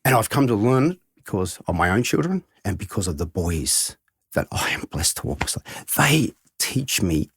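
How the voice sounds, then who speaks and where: Husky deep-voiced man telling a heartfelt story. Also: very animated, normal speed, no echo, clean studio sound. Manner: earnest, heartfelt, reflective. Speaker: head of school, guest. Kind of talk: reflective storytelling in a podcast interview.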